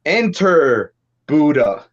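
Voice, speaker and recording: A man's voice: on the high side, very animated, extremely slow. Man rambling through a recap, slightly muffled. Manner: rambling, profane storytelling with many restarts. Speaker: podcast host. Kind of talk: casual chat recapping an anime.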